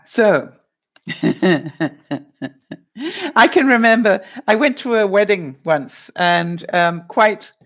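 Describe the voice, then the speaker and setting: A woman vlogger talks casually to her viewers and replies to their comments. She tells stories in a chatty way and laughs often. Her voice sits in a middle pitch range. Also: animated, takes it slowly, pauses often, a bit bright.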